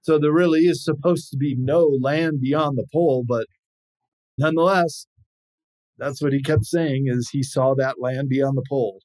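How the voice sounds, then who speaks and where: A man's voice: medium pitch, moderate pace, low-quality recording. A man, an explorer and author, telling stories as an interview guest and acting out quoted voices. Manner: animated storyteller, acts out quoted voices. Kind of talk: storytelling interview chat.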